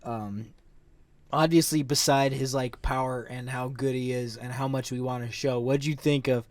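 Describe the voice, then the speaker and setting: A man co-hosting a casual podcast chat among friends, talking quickly and getting loud and laughing when teased. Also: medium pitch, steady tone, no echo. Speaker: podcast co-host.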